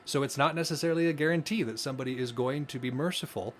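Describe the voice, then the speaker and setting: A man's voice: mid-range voice, fast. A man with a mid-range voice talks through his ideas on a casual podcast. He explains earnestly and often restarts his sentences. A faint hiss sits under the recording. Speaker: podcast co-host.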